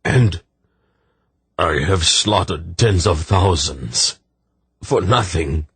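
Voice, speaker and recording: Broken-down weeping emperor, slow heavy words, deep husky voice, guy reading an audiobook. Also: lively intonation, fairly bright tone, dry recording, heavily acted. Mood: anguished. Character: grief-stricken middle-aged male emperor. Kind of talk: audiobook character voice.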